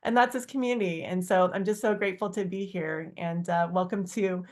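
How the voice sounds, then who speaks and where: A woman's voice: steady tone, fairly quick, darkish tone. A woman on a video call giving a heartfelt personal testimony, rambling with restarts and acting out quoted lines. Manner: earnest, rambling with many restarts and fillers; acts out quoted dialogue with big pitch jumps. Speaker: guest speaker on a community call.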